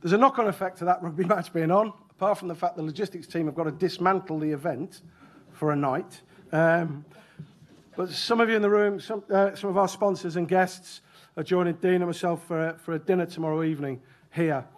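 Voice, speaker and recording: A man's voice: sits high, fairly even intonation, a little fast. A man from the UK chairing an event and giving a joking, chatty welcome speech in a function room. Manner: joking, self-deprecating, chatty. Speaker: chair of rescue organisation, event speaker.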